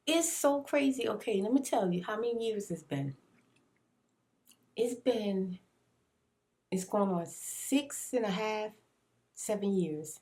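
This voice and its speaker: Between bites of food, a mother who makes ASMR videos shares a frustrated storytime, speaking casually but with emphasis and chewing as she goes. Her voice has a medium pitch and a somewhat dark tone.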